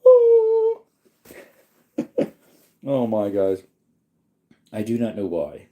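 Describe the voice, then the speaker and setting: A man hosting a livestream, reading viewer comments aloud in a relaxed, rambling way while yawning. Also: fairly low pitch, slow pace, narrow, tinny audio. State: sleepy, yawning. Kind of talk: casual chat.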